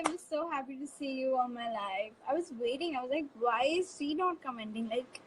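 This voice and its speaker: Chatty high-voiced woman. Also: lively intonation, brisk, hardly any pauses, slight background noise, low-quality recording. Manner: chatty and upbeat, reads fan comments aloud. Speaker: live stream host. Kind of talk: casual live-stream chat.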